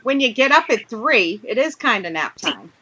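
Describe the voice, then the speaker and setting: A woman with a slightly high, sing-song voice talks at a moderate pace over a noisy background. She hosts a casual internet radio chat show as its podcast host, joking around and reading chat comments aloud. The audio has a dull, lo-fi internet radio quality.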